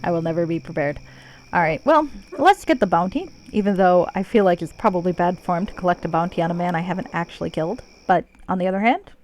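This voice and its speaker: A woman's voice: fairly low pitch, fast, a little mellow. A woman streaming a video game, chatting casually in a playful, joking way and swearing freely. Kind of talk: casual gameplay commentary.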